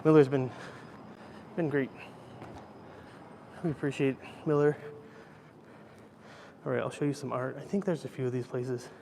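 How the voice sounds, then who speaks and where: A man's voice: medium pitch, steady tone, unhurried, gravelly, long pauses, darkish tone, slight background noise. Chatty man livestreaming on a phone. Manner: chatty, rambling, answers chat as he goes. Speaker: live-streamer. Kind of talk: casual live-stream chat while walking. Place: indoor library, then outdoor rooftop. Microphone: handheld phone.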